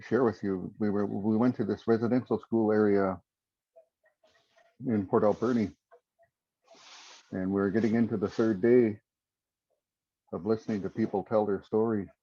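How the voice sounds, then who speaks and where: Male storyteller on a video call, low and dark-toned, unhurried with many pauses, lo-fi audio. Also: steady tone, breathy edge, no echo. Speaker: prayer circle participant.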